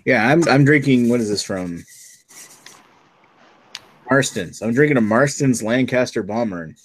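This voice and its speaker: A man's voice: mid-range voice, expressive, a little slow. A man from New Brunswick, Canada, hosting a casual beer chat and reading the beer news in a rambling, laid-back way with plenty of swearing. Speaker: beer podcast host.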